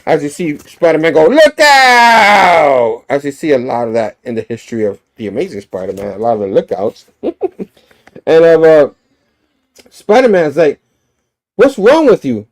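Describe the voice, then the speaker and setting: A man's voice: mid-range voice, animated, brisk, mellow. A man reviewing a comic, retelling its story animatedly with sound effects and frequent laughs.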